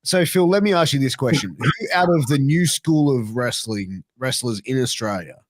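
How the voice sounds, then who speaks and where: A male podcast host asks loose, rambling questions full of "um" and "like." His voice is mid-pitched. The sound is dry and close. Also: expressive, normal speed, dry recording. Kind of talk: casual podcast interview.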